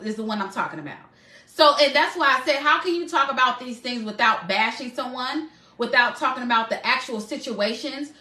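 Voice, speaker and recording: A woman's voice: a little high, bright, forceful tone, roomy sound. A woman hosting a live stream, speaking candidly and emotionally to her viewers and calling them y'all.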